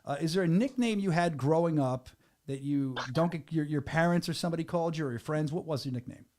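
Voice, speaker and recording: A man hosting a sports podcast, joking and hurrying through questions in an excitable way. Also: on the high side, fast. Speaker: podcast host and venue announcer. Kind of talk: casual podcast chat.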